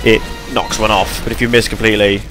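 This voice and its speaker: A man's voice: fairly low pitch, little pitch movement, fast, fairly bright tone, faint music behind. Tired, rambling young man. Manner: rambling, chatty, self-deprecating. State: tired and yawning. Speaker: gameplay commentator. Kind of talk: casual gameplay commentary.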